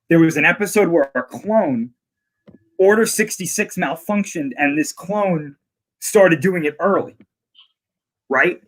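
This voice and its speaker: A man's voice: a little high, fairly bright tone. A man in casual conversation, eagerly retelling scenes from a series in detail. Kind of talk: casual chat.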